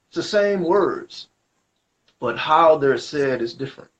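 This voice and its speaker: A man gives a spiritual reading at a middle pitch, talking in loose, rambling and slangy explanations. The recording sounds dull and lo-fi. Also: moderate pace. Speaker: spiritual reader. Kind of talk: casual spoken reading.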